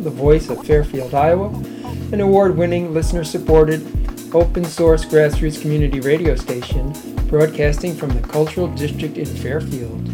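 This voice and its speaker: A man hosting a community radio show, reading a news article aloud in a measured, formal way. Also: on the high side. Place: radio studio.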